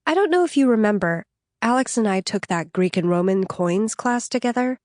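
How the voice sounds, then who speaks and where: A woman narrator voicing a young woman, a flustered and earnest grieving friend who talks in a high, breathless, apologetic way. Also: animated, moderate pace, darkish tone, dry recording, studio quality, natural voice. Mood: tearful, flustered. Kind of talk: audiobook dialogue reading.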